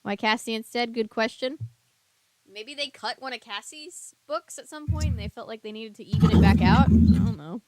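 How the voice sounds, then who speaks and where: A woman's voice: a little high, normal speed, darkish tone. A woman hosting a casual book discussion podcast, chatty and giggly, often trailing off into fillers. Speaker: podcast host.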